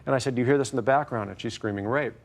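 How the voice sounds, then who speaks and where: A middle-aged man telling his story in court, halting and full of fillers. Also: mid-range voice, gravelly. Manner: hesitant, halting, many fillers. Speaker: plaintiff. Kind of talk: testimony in court.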